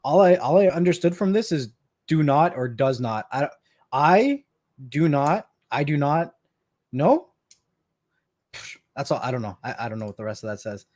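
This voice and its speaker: A man's voice: on the high side, big pitch swings, normal speed, long pauses, a little mellow. A man in his thirties from Canada, chatting casually on his live stream and telling stories with a laugh. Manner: chatty storyteller, laughs often, repeats words.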